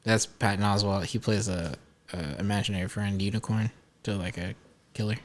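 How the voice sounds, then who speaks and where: A man's voice: lowish voice, steady tone, normal speed, a little hiss or hum. A man co-hosting a podcast in casual chat, teasing and laughing often. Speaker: podcast co-host.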